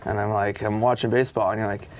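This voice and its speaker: A man's voice: lowish voice, level tone, fast talker, a little mellow, a little hiss or hum. A middle-aged man, a guest comedian, telling casual profane anecdotes and acting out other people's lines with a rising voice.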